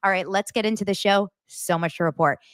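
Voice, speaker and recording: A woman's voice: medium pitch, fairly quick, dry recording, studio quality. A woman hosting a casual celebrity gossip show, chatty and sarcastic, often laughing. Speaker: host.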